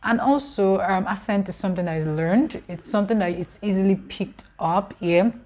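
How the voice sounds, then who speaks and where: A young woman with a Nigerian accent chats casually to her viewers. She talks in an emphatic, conversational way and laughs between points. Her voice sits in a middle pitch. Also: moderate pace, a little mellow. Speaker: vlogger. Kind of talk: casual talk to camera.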